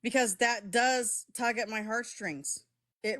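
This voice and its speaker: Middle-aged woman streamer with a slightly high voice, defensive and blunt with chat, cursing freely. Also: slow, a bit bright. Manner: heated, defensive, swears, talks straight to chat. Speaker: live streamer. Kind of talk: live-stream chat with viewers.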